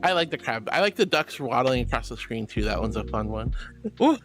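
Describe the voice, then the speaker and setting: A man live-streaming in a virtual world, chatting casually and gushing over his viewers in playful, excitable bursts. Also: medium pitch, brisk, music in the background.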